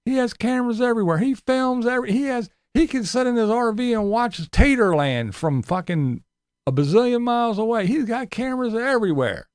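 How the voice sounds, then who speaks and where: A man's voice: very high voice, lively intonation, a little fast, a little mellow, clear, resonant tone, no room sound, clean studio sound. A man giving a sarcastic, profane commentary rant as a vlogger.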